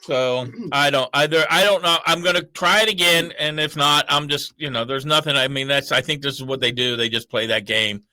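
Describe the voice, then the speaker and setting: Animated storytelling man, high bright voice. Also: brisk, hardly any pauses, no room sound. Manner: animated storyteller, acts out both sides of phone calls. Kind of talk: casual morning show chat.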